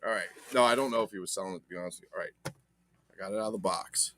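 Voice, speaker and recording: A man's voice: low-pitched, very fast, a bit bright, slight background noise. A man hosting a casual toy unboxing vlog, joking and talking to viewers while handling items, with mock-dramatic asides. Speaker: toy collector host.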